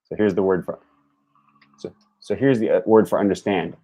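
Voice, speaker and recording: A young man thinking aloud on a live stream, slowly repeating words as he practises them. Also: low-pitched, fairly even intonation, warm tone. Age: young adult. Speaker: language learner streaming. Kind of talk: casual live-stream commentary.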